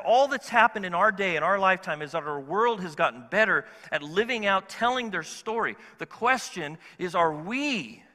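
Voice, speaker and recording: A male pastor preaching in a church sanctuary with a high, sharp, tense voice. He talks in a lively, conversational way and keeps asking the congregation questions. A long hall reverb follows his words. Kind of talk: sermon.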